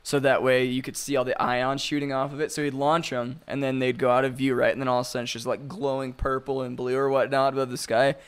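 A man's voice: mid-range voice, completely flat delivery, quick pace, hardly any pauses, smooth. A man telling rambling, crude stories in casual chat, laughing often. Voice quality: crude, joking.

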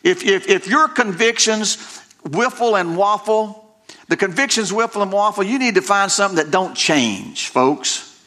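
A man's voice: high-pitched, animated, normal speed, bright, forceful tone. A middle-aged male pastor preaching a sermon, emphatic and folksy, repeating phrases and breaking into conversational asides.

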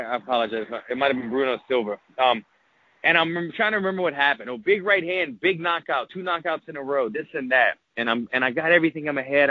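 A man's voice: mid-range voice, no echo. Guy rambling through a story in an interview, stumbles over words, dull dry audio. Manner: rambling, repeats words when moved. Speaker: retired fighter and analyst. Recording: muffled lo-fi audio.

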